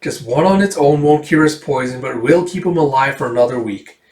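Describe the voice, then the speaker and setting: A man voicing a cruel aristocratic baron who gloats in a smooth, menacing way, in an echoey room. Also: mid-range voice, brisk, darkish tone, close to an everyday voice. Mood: gloating. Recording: echoey room, far from mic.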